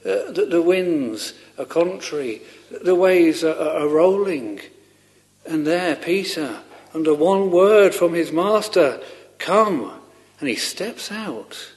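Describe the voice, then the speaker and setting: A man delivers a sermon in a slow, deliberate way, his voice sitting somewhat high. He stumbles and repeats words as he restarts, then rises fervently on pleading questions. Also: expressive, darkish tone. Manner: halting and earnest, with frequent repeated words and restarts. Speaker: preacher.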